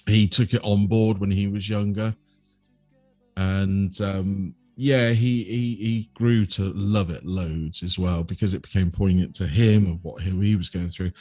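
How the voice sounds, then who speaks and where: A man in his fifties with a lowish voice, recorded close and dry. He co-hosts a podcast and talks in an earnest, halting way, stopping often on "um" as he gathers his thoughts. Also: a little mellow, no echo. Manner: earnest, hesitant, many "um"s. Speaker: podcast co-host. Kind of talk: casual chat.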